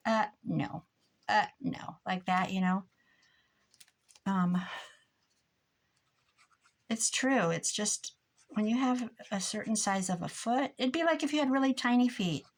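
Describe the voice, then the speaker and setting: A woman's voice: mid-range voice, fairly bright tone. An older woman chatting casually and rambling in a mock-grumpy way as she works on a craft project. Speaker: crafting vlogger. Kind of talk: casual chat while crafting.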